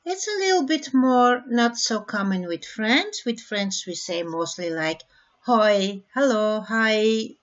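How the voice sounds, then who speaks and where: A woman from Belgium with a Flemish accent, teaching a beginner language lesson and repeating each phrase slowly for learners. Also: on the high side, expressive, lo-fi sound.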